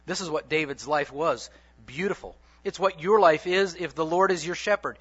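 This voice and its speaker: A man preaching a sermon dramatically, repeating key phrases and swinging between loud and soft. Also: on the high side, moderate pace, slightly rough. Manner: dramatic, repetitive preaching with big swings in loudness and pace. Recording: dull lo-fi sermon recording.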